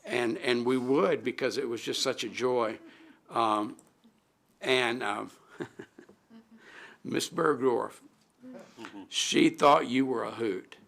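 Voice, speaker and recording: Speaking into a desk mic at a council meeting, a middle-aged alderman offers a heartfelt tribute in a halting way, pausing and restarting often. His mid-range voice is a bit bright and carries vocal fry.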